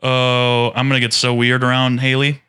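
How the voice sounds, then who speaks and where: A man's voice: medium pitch, monotone, moderate pace, sharp tone, smooth. A man co-hosting a podcast, trading dry jokes in casual chat. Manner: dry joking banter. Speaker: podcast co-host.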